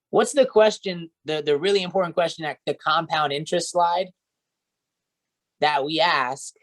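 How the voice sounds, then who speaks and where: Man, sales team trainer, unhurried delivery, coaching tone, keeps asking "right?". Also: fairly high pitch. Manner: coaching, repeats "right?" and "okay?".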